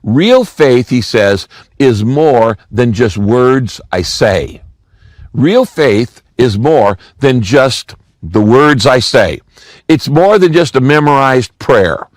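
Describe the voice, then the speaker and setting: A man's voice: mid-range voice, expressive, takes it slowly, no room sound. An older man giving a sermon as pastor, teaching through a scripture passage and repeating key phrases for emphasis.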